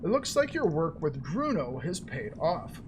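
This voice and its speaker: A man reading out a game quest giver's lines, a brisk officer handing out orders. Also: on the high side, big pitch swings, background noise. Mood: urgent. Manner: reading quest text aloud in a lightly acted voice.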